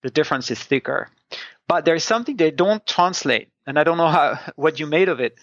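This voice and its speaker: A man's voice: a little high, lively intonation, a little fast, a bit bright, no room sound. A man from France, a native French speaker, co-hosting a casual comics review podcast and explaining points thoughtfully, with many restarts. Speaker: podcast co-host. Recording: dull, dry sound.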